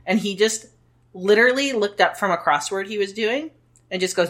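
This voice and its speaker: Seorang wanita paruh baya dari Amerika Serikat, pembawa acara podcast, mengobrol santai dan bercerita dengan hidup sambil menirukan ucapan orang. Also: female voice, medium pitch, a little fast. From United States. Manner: animated storytelling with voiced quotes. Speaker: podcast co-host. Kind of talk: casual chat.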